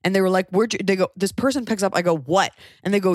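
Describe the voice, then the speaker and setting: A woman in her thirties telling a story in casual chat, animated and quick to swear as she acts out what others said. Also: mid-range voice, no echo, clean studio sound. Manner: animated, acts out quotes, swears when angry.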